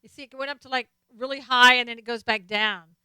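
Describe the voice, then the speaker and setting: A woman's voice: on the high side, fairly even intonation, a little fast, pushed and bright, clear, resonant tone, dry recording. A woman hosting a live stream, casually chatting about politics and answering viewer comments as she reads them out. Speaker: live stream host reading chat.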